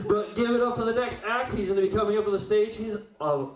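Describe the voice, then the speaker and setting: A man's voice: high voice, fast talker. A man hosting an open mic night, upbeat and rallying the crowd between acts. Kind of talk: emcee crowd hype. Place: small live venue. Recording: echoey room, distant mic, faint noise.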